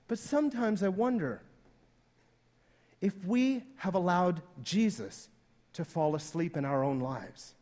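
A man's voice: sits high, unhurried, long pauses, a little mellow. A male pastor preaching a sermon in a conversational way, acting out the voices he quotes.

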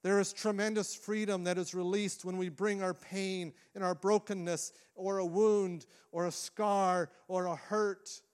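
A middle-aged man, a lead pastor, preaching a sermon in a church with earnest delivery, restarting phrases and shifting between quick and slow phrasing. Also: sits high, little pitch movement, clear, resonant tone. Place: church sanctuary.

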